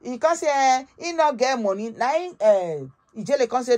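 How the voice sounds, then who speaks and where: A Nigerian woman with a fairly high voice tells a gossip story in a lively, dramatic way. She talks casually as a channel host, and her exclamations come often. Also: moderate pace, few pauses. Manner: animated, dramatic retelling with exclamations. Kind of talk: casual storytelling gist in Pidgin.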